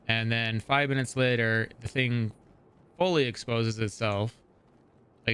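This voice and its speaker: A man hosting a live gaming stream, chatting casually and excitably, with strong opinions. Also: fairly low pitch, smooth. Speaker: livestream host.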